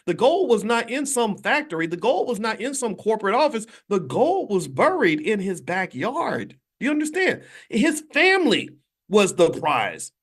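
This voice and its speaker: A man hosting a livestream from a hotel room on his phone, talking emphatically and preachily straight to his viewers. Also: sits high. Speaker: financial commentator and channel host.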